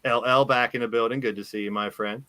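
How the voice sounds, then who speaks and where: A man hosts a loose, casual podcast chat with a bright, forward tone. He rambles and restarts his sentences as he talks. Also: mid-range voice, fairly even intonation, fast, dry recording. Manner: rambling, self-interrupting, laughs easily. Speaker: podcast host.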